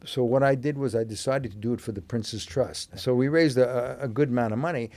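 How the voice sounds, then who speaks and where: A man's voice: medium pitch, fairly quick, darkish tone. An older American man from New York, a guest telling rambling stories with many fillers and chuckles. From New York, USA. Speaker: interview guest, actor. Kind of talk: casual anecdotal storytelling.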